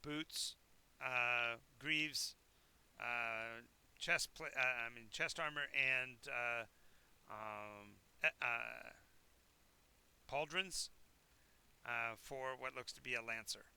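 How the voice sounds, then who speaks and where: A man's voice: mid-range voice, slow, vocal fry, long pauses, bright, forceful tone, clear, resonant tone. A man narrating a tabletop game as game master, describing scenes in a rambling, self-correcting way.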